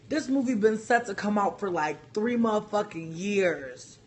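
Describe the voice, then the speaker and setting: A man's voice: high-pitched, animated, measured pace, few pauses. A man giving a heated, profane opinion rant to camera as a vlogger, repeating himself as he vents.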